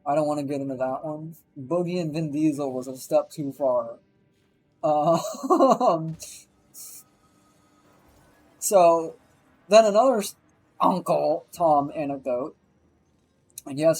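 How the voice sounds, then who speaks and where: Young man, live streamer, husky voice, rambling swear-heavy gossip while gaming. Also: fairly high pitch, animated, measured pace, pauses often, darkish tone, soft background music, low-quality recording. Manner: rambling, profane storytelling.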